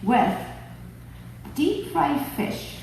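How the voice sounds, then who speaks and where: A woman in her fifties from Japan, speaking English with a Japanese accent, telling a personal story at a conference in a slow, heartfelt, expressive way. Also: sits high, creaky, crowd noise. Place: conference hall. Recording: echoey hall, mic at a distance.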